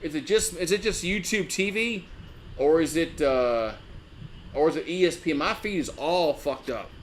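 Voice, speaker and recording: A man's voice: on the high side, normal speed, slight background noise. A man hosting a live sports fan stream, talking in a loose, rambling way with lots of restarts and frequent swearing.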